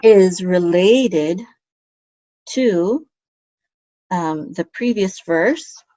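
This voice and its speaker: A woman teaching a relaxed online language lesson, explaining patiently and often checking in with "okay?". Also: on the low side, drawn-out words, dry recording. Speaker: Biblical Hebrew teacher. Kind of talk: casual screen-share lesson. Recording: dull, dry lo-fi sound.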